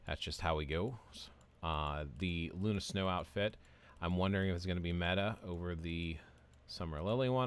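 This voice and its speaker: A man with a low-pitched voice hosts a relaxed game stream. He talks in a loose, rambling way, answering his viewers' comments as he plays. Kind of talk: casual live-stream chat while playing.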